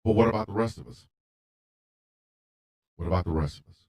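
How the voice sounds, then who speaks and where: A man hosting a radio show, delivering a heated monologue with emphatic repetition and occasional shouting. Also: lowish voice, a little fast. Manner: emphatic, repeats lines for force; rants, at times shouting.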